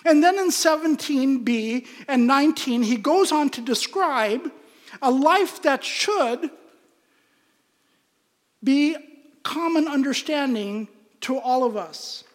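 A man with a high voice preaches a sermon, slow and deliberate, earnest and emphatic as he presses his points. His voice rings out with a long reverb tail in a church sanctuary. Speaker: pastor.

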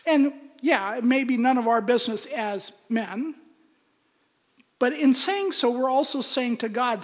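High-voiced man preaching in a reverberant hall. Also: a little slow. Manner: earnest, emphatic preaching. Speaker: pastor. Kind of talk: sermon.

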